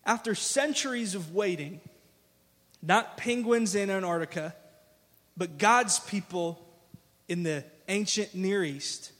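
A man's voice: high voice, takes it slowly, long pauses, fairly bright tone, long reverb tail. A man preaching a sermon as pastor, talking conversationally and speaking directly to his congregation in a church. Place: church sanctuary.

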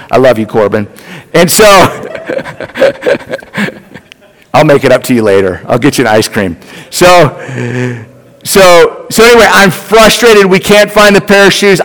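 A man's voice: high voice, a bit bright, in a large hall, poor audio. A middle-aged man preaching a sermon. He tells a personal story in a conversational way and speaks directly to the congregation. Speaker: pastor.

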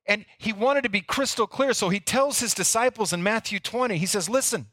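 A man's voice: high-pitched, brisk, few pauses, pushed and bright, no echo, clean studio sound. A man preaching a sermon, telling the story earnestly and sometimes repeating words as he goes. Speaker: pastor.

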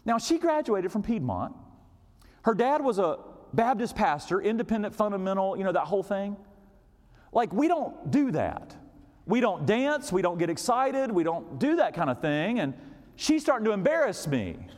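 A middle-aged male preacher tells a story from the pulpit, his voice sitting fairly high and leaping all over the place in pitch. He drops to hushed, low lines and then climbs to loud, excited ones. A long reverb from a big church hall trails behind every phrase. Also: normal speed. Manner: animated, swinging from hushed to loud. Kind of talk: storytelling sermon.

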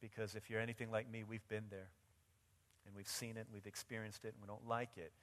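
A man's voice: lowish voice, level tone, a little fast, fairly bright tone. A man pastor delivering a sermon with vivid, dramatic storytelling. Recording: long reverb in a large hall.

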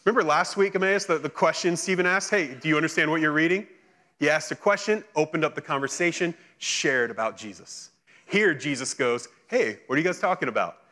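A male pastor preaching a sermon, reading scripture and then retelling it in lively, casual speech. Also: on the high side, a little fast.

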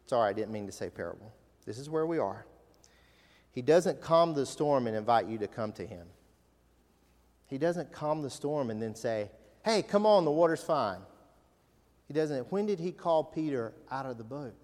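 A male pastor preaching an animated sermon, asking the congregation questions. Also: medium pitch, moderate pace. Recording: long reverb of a large hall.

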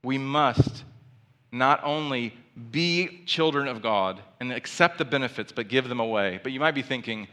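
A man preaching a sermon in a conversational, animated way, with asides to the congregation. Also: medium pitch, normal speed. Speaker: pastor.

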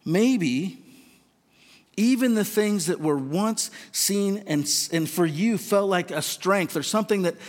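A man's voice: high voice, expressive, takes it slowly. A man preaching a sermon in an earnest, questioning, conversational way. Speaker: pastor. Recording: long reverb of a large hall.

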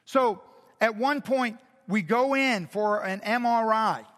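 A middle-aged man preaching a sermon as pastor, animated and conversational, swinging from loud to hushed. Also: sits high, takes it slowly. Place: large church hall. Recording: long hall reverb.

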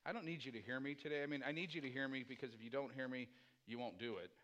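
A man preaching a sermon as pastor, swinging from hushed, low asides to loud, climbing emphasis. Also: very fast, lo-fi sound.

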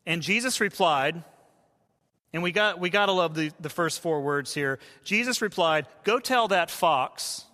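A man who is a pastor, preaching a sermon in a conversational way and dropping to hushed tones for quoted voices. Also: a little high, normal speed. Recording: long hall reverb.

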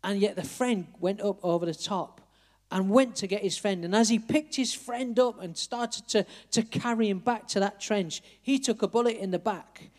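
An earnest male preacher delivers an evangelistic sermon. His voice sits high for a man, and he keeps turning to speak directly to each listener. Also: moderate pace, a little mellow.

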